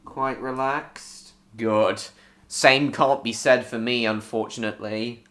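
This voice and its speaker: A man's voice: medium pitch, fairly even intonation, takes it slowly, fairly bright tone. A man hosting a casual live stream, rambling with jokey, self-mocking asides.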